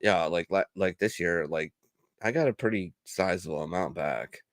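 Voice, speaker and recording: A man's voice: deep voice, moderate pace, no room sound. A man hosting a casual livestream, rambling with profane asides over a video call. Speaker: livestream host. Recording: dry close stream audio.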